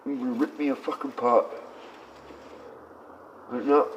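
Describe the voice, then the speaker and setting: A man who sounds sick, rambling and swearing on a live stream, his voice often sinking low and quiet. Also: fairly even intonation, moderate pace, a little hiss or hum. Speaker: livestreamer. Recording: dull lo-fi stream audio.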